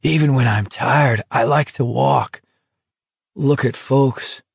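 A man reading the part of a sick, feverish young man in a weak, raspy whisper, speaking slowly and plaintively. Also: medium pitch, dry recording, clean studio sound, voice pushed up, heavily acted. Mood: weak, pleading. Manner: halting, slow, plaintive.

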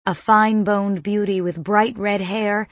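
A woman reading a first-person story aloud in a measured, vivid narration. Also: medium pitch, steady tone, no room sound. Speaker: audiobook narrator.

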